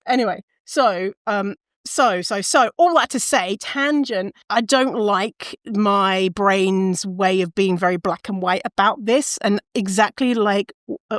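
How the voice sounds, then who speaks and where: A woman's voice: mid-range voice, dry recording. Woman chatting on her podcast, goes off on tangents, dry close sound. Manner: rambling, tangents, self-interrupting, swears. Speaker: podcast host. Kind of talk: casual solo podcast monologue.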